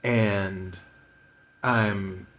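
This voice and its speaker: A man's voice: fairly low pitch, very slow, a little hiss or hum, low-quality recording. A man hosting his own podcast, just woken up and giving casual, opinionated political commentary. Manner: relaxed, freshly woken, opinionated. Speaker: podcast host.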